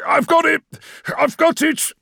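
A man voicing a panicky, whiny male tech-priest in an audiobook, with a high, shrill, frantic delivery. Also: big pitch swings, a little slow, creaky, fairly bright tone, breathy edge, no echo, studio quality, exaggerated voice. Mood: triumphant. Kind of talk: audiobook character voice.

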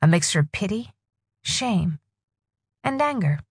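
A woman narrating a novel in a husky voice with expressive storytelling. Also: medium pitch, a little slow, no echo, studio quality. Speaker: audiobook narrator. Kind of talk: scripted narration.

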